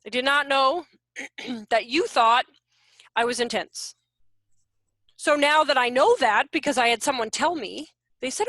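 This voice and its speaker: A woman in her forties, a behavior consultant, giving an animated, jokey online workshop talk over a video call. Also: high voice, normal speed, pauses often, no room sound, clean studio sound. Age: 40s. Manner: animated, self-deprecating, jokey.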